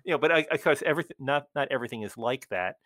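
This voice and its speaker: A male podcast host of middling pitch, telling anecdotes with lively energy. The recording is dry, with no room sound. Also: fast talker, dry recording. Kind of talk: casual interview chat.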